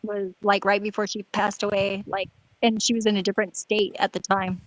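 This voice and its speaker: A woman's voice: medium pitch, flat delivery, a little fast, no echo, rough recording. A woman in a casual group voice chat who hedges and fills her talk with "like.". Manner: hedging, filler-heavy talk.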